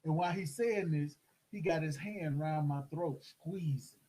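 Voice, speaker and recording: A middle-aged man telling a story in casual chat, animated and acting out the voices of the people in it. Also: fairly high pitch, normal speed, husky, rough recording. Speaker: host.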